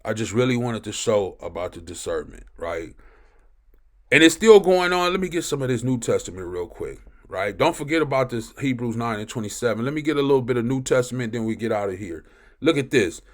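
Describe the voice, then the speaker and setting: A man's voice: mid-range voice, animated, fairly quick. A man reading scripture aloud and commenting on it in an emphatic teaching style, often checking in with "right?" between verses.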